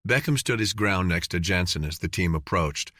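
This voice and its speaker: A man narrating an audiobook in an even, measured reading. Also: deep voice, slightly rough, no echo, studio quality. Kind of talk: scripted narration.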